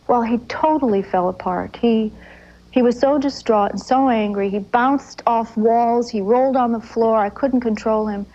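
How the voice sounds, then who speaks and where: A woman giving an interview and recalling events earnestly, halting and restarting often. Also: fairly high pitch, dark tone, slight background noise. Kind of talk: emotional recollection in a TV interview. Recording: dull lo-fi 1980s TV audio.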